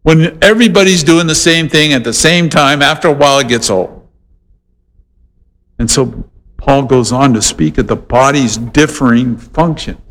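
A man preaching a sermon, animated and conversational, with playful voiced asides. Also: mid-range voice, normal speed, long reverb tail. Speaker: pastor.

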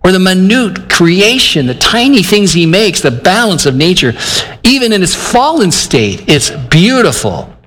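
An older man from Michigan delivers a sermon in an earnest, conversational way, voicing his own thoughts aloud as he goes. His voice sits a little higher than most men's. A long reverb trails every phrase, as in a large sanctuary. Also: sing-song, unhurried, a bit bright. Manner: earnest, conversational preaching, acts out his own inner dialogue. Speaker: pastor.

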